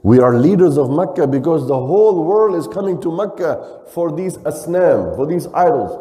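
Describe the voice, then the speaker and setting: Male imam, dark mellow voice, sermon in a hall with long reverb, rhetorical questions. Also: fairly high pitch, expressive, normal speed. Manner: preaching with Arabic phrases mixed in, rhetorical questions, acting out quotes. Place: mosque hall.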